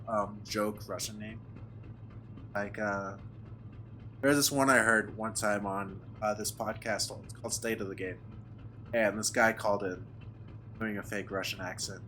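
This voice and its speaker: A man's voice: lowish voice, a bit bright, a little hiss or hum. A man streaming a game, casually chatting, giggling and rambling as he reads dialogue aloud. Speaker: gaming streamer. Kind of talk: casual let's play commentary.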